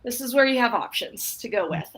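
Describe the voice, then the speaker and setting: A woman from Utah, giving a business training talk and acting out an animated story with quoted dialogue. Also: on the high side, a little fast, poor audio.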